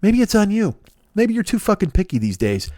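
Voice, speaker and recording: A man in his fifties, the host of a comedy podcast, riffing through a profane, rambling monologue with big comic swings in pitch. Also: sing-song, a little fast, mellow, no echo, clean studio sound. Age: 50s. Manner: profane, riffing, jumps between wild pitch swings for bits.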